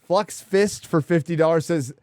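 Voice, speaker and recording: Male host, slightly high voice, swears freely, trolls his guests. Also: a little slow, darkish tone, dry recording, clean studio sound. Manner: crude, profane and playfully trolling. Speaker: livestream show host reading viewer donations. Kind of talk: casual panel chat.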